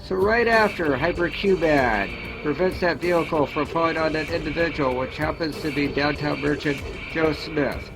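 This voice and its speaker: A man narrating a homemade superhero movie in a plain, slightly halting storytelling way. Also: a little high, poor audio. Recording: loud music behind.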